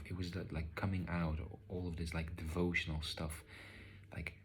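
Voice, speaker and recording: Low-voiced man, soft half-whisper, loose reflective talk, light hiss. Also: little pitch movement, normal speed. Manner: soft, often half-whispered, with filler "like" and restarts. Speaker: vlogger recounting a spiritual session. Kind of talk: reflective personal account.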